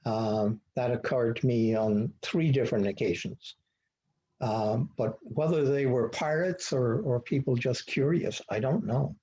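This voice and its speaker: A man's voice: mid-range voice, unhurried, dark tone. An older man telling rambling sailing anecdotes in a meetup talk, acting out the dialogue with lots of fillers. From Ottawa, Canada. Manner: rambling storyteller who acts out dialogue, many fillers. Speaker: guest speaker. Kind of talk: anecdotal presentation on an online meetup. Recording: dull lo-fi online call audio.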